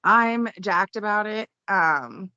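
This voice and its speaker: A woman's voice: mid-range voice, lively intonation, slow pace, sharp tone, clear, resonant tone, no echo. A young woman, a guest on a podcast, chatting in an upbeat way with frequent laughter. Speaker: podcast guest, fighter and law student. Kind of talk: casual interview chat. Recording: dull, dry lo-fi audio.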